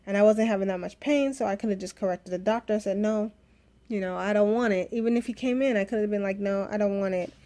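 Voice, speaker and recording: A vlogger in her thirties recounts her own birth story candidly and emotionally, rambling and restarting as she goes. Her medium-pitched voice is warm, and she talks fast.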